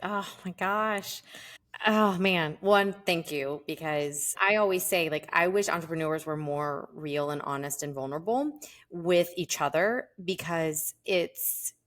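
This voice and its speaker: A woman's voice: lowish voice, a little slow. A woman hosting a podcast, talking candidly and animatedly, with "like" in nearly every phrase. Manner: animated, candid, says "like" constantly. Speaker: podcast host. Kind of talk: casual conversation.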